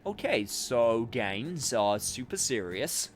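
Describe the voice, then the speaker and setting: A man's voice: mid-range voice, big pitch swings, slow. A man casually commenting on a game stream, joking and self-mocking. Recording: game music playing behind.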